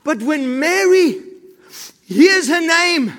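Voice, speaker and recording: A man's voice: extremely high pitch, animated, normal speed, fairly bright tone. A male pastor preaching an emphatic sermon, throwing rhetorical questions to the congregation. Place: church. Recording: long reverb of a large hall.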